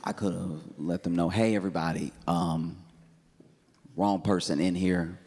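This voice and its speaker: A man doing stand-up, telling a story in a deadpan, laid-back way with laughing asides. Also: low-pitched, measured pace, crowd noise. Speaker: stand-up comedian.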